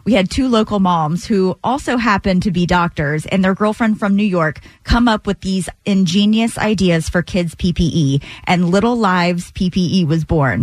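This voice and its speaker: A woman's voice: mid-range voice, no echo. Chatty female radio co-host. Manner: chatty, laughs along. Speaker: radio morning show co-host. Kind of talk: casual radio chat, reading a news feature. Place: radio studio.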